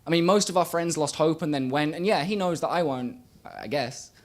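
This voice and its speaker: Young male spoken word poet on a small stage; rhythmic, shifts from loud bursts to near murmurs, slightly high-pitched. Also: lively intonation, brisk. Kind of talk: live spoken word performance. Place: small live venue stage.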